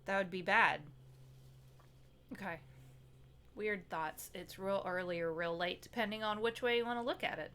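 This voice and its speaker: A woman's voice: medium pitch, sharp tone, slight background noise. A woman playing a tabletop game, joking around in casual chat. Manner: playful, jokey, quick asides. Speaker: player. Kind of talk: tabletop role-play chat.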